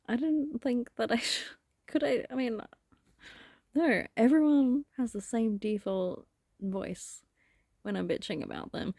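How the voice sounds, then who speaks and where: Slow gravelly-voiced woman vlogger. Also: a little high, a little mellow, no echo, clean studio sound. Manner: rambling, self-reflective, laughs often. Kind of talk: casual reflective monologue.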